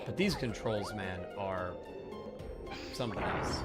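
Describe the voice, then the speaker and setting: Hoarse, chatty male game streamer. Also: medium pitch, normal speed. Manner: chatty, excitable, reacts aloud and thanks viewers. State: hoarse, losing his voice. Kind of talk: casual live gameplay commentary. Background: game music.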